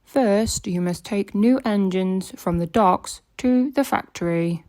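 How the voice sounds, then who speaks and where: A woman's voice: medium pitch, slow, darkish tone, no room sound, close to an everyday voice. A woman voicing a formal, bossy male railway boss in a storybook, giving out orders. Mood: instructing.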